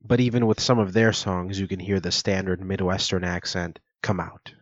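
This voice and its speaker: A man's voice: sits low, flat delivery, moderate pace, no room sound. A man hosting a solo podcast, explaining things in a chatty, playful way. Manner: chatty, explanatory, playfully demonstrates words aloud. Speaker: podcast host. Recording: dull lo-fi recording.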